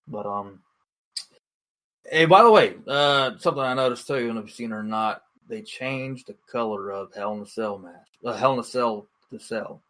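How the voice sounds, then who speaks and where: A young man co-hosting a podcast, chatting casually in an excitable, rambling way, full of fillers. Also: mid-range voice, normal speed. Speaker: podcast co-host. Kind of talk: casual chat.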